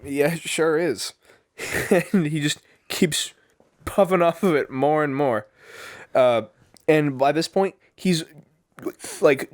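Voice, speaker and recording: A man's voice: fairly high pitch, dry recording. Young man telling a story, dry mic. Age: 20s. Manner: laughing often mid-story, swearing, acting out quoted people. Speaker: podcast co-host. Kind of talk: casual storytelling chat.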